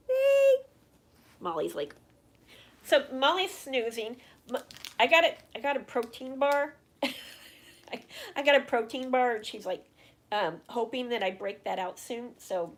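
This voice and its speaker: Here a middle-aged woman with a fairly high-pitched voice runs a laid-back livestream and responds to audience questions. Her speech meanders with lots of fillers and restarts, and she's candid about her emotions.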